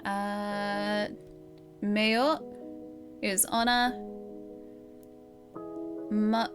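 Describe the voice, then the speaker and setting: A woman's voice: mid-range voice, little pitch movement, extremely slow, music in the background. An Australian woman streaming live, casually thinking aloud and chatting with her viewers.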